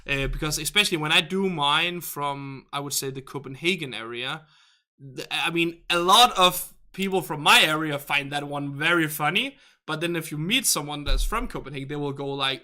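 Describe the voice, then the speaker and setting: A man's voice: fairly high pitch, normal speed, sharp tone. A young man with a Danish accent, hosting a game livestream and chatting casually with viewers in English, his second language, often restarting and asking how to say words. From Denmark. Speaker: livestream host. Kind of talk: casual chat reading viewer comments.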